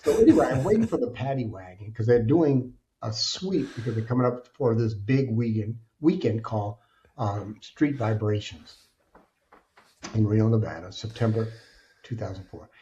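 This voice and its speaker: A man speaking as a podcast guest, telling his life story in an animated, emphatic way. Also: mid-range voice, moderate pace, dull audio. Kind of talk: candid storytelling interview.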